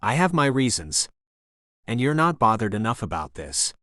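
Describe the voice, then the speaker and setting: A man's voice: mid-range voice, very animated, moderate pace, fairly bright tone, dry recording, studio quality. A man voicing a suspicious, paranoid male hacker partner in an audiobook, speaking in curt, accusing bursts. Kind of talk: audiobook character voice.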